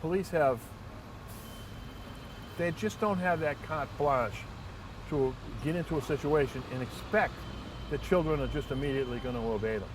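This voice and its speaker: A man, a transit police lieutenant, telling a work anecdote in an earnest, measured way with frequent restarts. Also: a little high. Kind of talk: first-person anecdote and reflection. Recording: distant mic, faint outdoor traffic noise.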